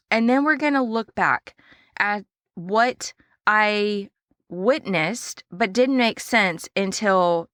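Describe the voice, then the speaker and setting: A woman hosting her own podcast talks in a casual, animated way, slipping into quoted dialogue as she retells events. Her voice sits at a middle pitch. The recording is dry and close, with no room sound. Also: clear, resonant tone, no room sound. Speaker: podcast host and small business owner. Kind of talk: casual solo podcast storytelling.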